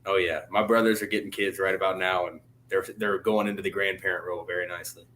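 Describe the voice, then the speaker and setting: A man's voice: low-pitched, level tone, quick pace, a bit bright, a little hiss or hum. A young man from Louisiana, a guest on a video call, talking in a laid-back, easygoing way. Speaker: guest fighter. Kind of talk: casual interview chat.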